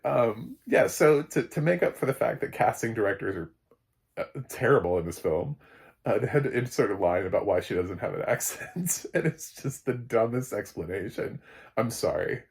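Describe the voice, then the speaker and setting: Low-voiced American man, sarcastic film critic. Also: big pitch swings, normal speed, creaky, a little mellow. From United States. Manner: blunt, sarcastic, rambling with many fillers. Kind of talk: casual spoken film review.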